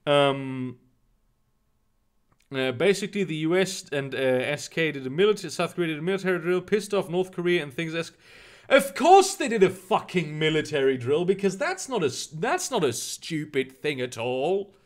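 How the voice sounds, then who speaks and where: A man's voice: a little high, big pitch swings, normal speed. A man streaming live, rambling and swearing in exasperation as he reads the news and answers chat. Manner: rambling, profane, exasperated, with frequent restarts. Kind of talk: casual live-stream commentary.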